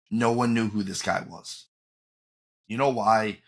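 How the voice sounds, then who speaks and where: A man's voice: mid-range voice, normal speed, fairly bright tone. A man co-hosting a podcast in casual chat, opinionated and emphatic, often restarting his sentences. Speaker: podcast co-host.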